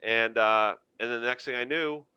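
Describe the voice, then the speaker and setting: A man's voice: mid-range voice, moderate pace, clean tone, no echo, highs cut off. A man, a comedian telling stories in a casual chat and acting out the voices of the people in them. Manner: animated storyteller acting out quoted voices. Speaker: comedian guest.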